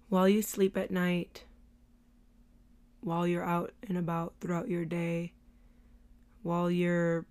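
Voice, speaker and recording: Slow, earnest woman teaching faith. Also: lowish voice, mellow, clean tone. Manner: earnest, hesitant, many filler sounds. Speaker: Christian teacher. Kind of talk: devotional teaching talk.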